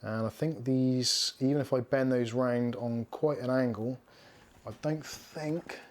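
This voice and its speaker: A man's voice: mid-range voice, level tone, unhurried, slight background noise. A man, hosting a casual livestream while building a computer. He talks frankly, in a chatty way, and laughs often. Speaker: streamer building a PC.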